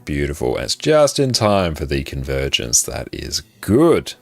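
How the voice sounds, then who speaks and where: A man's voice: extremely low pitch, huge pitch swings, measured pace, gravelly, faint music behind. An Australian man chatting casually on a live game stream, upbeat and laughing easily as he thanks viewers. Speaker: livestream gamer.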